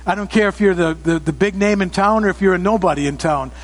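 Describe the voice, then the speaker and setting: Male pastor with a high voice, emphatic sermon, long church reverb. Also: fast. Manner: emphatic, rising to loud exclamations. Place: church sanctuary.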